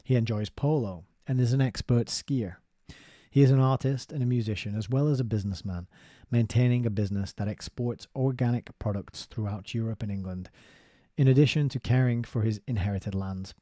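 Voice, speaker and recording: A man's voice: mid-range voice, fairly quick, no echo, studio quality. A man reading a book aloud and breaking off into casual, chatty commentary. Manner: steady reading broken by chatty asides with fillers and laughs. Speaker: book reviewer.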